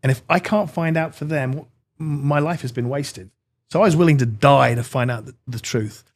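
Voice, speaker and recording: A middle-aged man from Britain, a guest in an interview, telling a personal story in an earnest, animated way and acting out the dialogue in it. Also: medium pitch, moderate pace.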